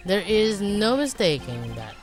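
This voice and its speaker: A woman's voice: medium pitch, big pitch swings, measured pace, faint music behind. A woman voicing a confident male prosecutor who speaks formally and accusingly in a fan dub of a game.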